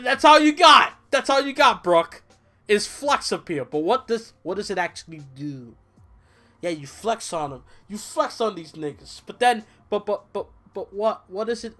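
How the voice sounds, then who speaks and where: A young man casually reviewing a wrestling show on a livestream, rambling, swearing and tired from little sleep. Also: sits high. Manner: rambling, animated, swears, mimics people in quotes.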